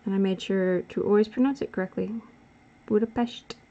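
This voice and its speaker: A woman's voice: medium pitch, quick pace, warm tone. Woman rambling casually while drawing, keeps correcting herself, kinda muffled lo-fi audio. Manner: rambling, self-correcting, chatty. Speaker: art vlogger.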